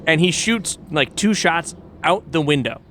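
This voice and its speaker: A man's voice: on the high side, animated, a little slow, pushed and bright, a little hiss or hum. A man co-hosting a podcast, chatting casually with joking banter. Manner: joking banter, mock-quoting others. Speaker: podcast co-host. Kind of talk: casual chat.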